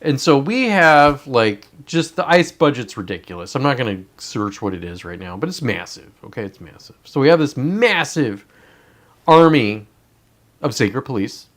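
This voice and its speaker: A man talks alone to his audience in a loose, ranting style, swearing freely and dripping with sarcasm. His voice sits at an ordinary middle pitch. Now and then he drops to a muttered aside before picking the rant back up. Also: lively intonation, moderate pace, fairly bright tone. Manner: profane, sarcastic, annoyed. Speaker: host. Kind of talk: casual ranting monologue.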